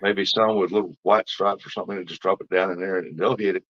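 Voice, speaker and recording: A man co-hosts a casual morning show and keeps prodding his partner with teasing banter. His low voice comes through a dull, lo-fi recording. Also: steady tone, quick pace. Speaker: co-host.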